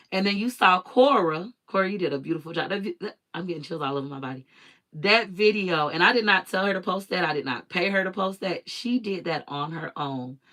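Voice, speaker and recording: A woman's voice: fairly low pitch, fairly bright tone. A woman hosting her own live stream, telling a personal story in an emphatic, repetitive way with blunt swearing.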